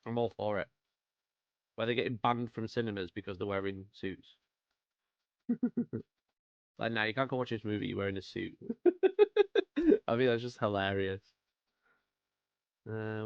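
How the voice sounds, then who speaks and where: A man's voice: fairly low pitch, steady tone, moderate pace, creaky, long pauses, clear, resonant tone, no echo, lo-fi sound. A British man hosting a live stream while painting miniatures, chatting casually and greeting viewers by name. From United Kingdom. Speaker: livestream host painting miniatures.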